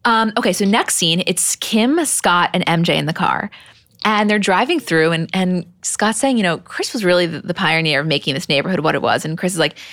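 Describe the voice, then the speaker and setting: A woman's voice: fairly low pitch, a little fast, no room sound, studio quality. A young adult woman co-hosting a podcast, chatting casually and retelling scenes with quoted lines. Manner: animated retelling, acting out quotes. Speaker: podcast co-host. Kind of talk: casual recap chat.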